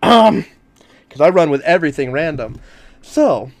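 A man's voice: on the high side, sing-song, measured pace, no room sound. A man running a tabletop game as game master, hesitant and improvising with many fillers.

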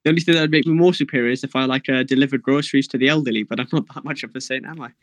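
A man's voice: medium pitch, fairly even intonation, very fast. A young man chatting on an improv panel, rambling and jokey with mock self-righteousness. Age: young adult. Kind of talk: casual chat.

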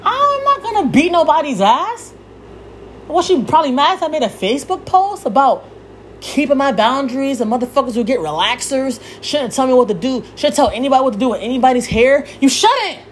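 Young woman, heated cursing rant, high voice, swings wildly up and down. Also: big pitch swings, fairly quick, slight background noise. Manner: heated, cursing freely, yelling at times. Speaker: podcast host. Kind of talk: profane rant.

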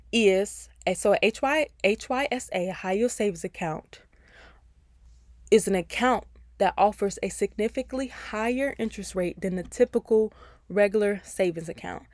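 A woman hosts a personal finance podcast in a chatty, encouraging voice, speaking straight to her listeners. Her pitch sits in an everyday middle range for a woman. The sound is dry, with no room echo. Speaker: podcast host.

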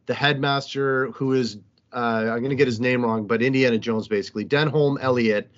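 A man's voice: mid-range voice, fairly even intonation, brisk, muffled recording. A man co-hosting a podcast, animatedly recapping a movie scene by scene with casual swearing. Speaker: podcast co-host.

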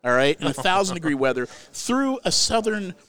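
An older man telling a long comic story in casual chat, animated, restarting his sentences and getting loud at the punchlines. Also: high voice, normal speed, clean tone.

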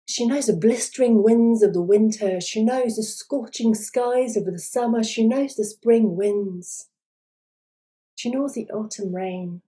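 A woman's voice: on the high side, dark tone. A woman voicing Grandmother March, the kindly old sister among the months, pleading for the girl in a storybook tale.

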